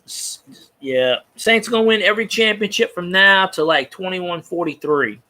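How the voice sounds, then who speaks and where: A man's voice: high-pitched, moderate pace, sharp tone. A young man in casual sports talk, ranting with profanity and frequent stumbling restarts.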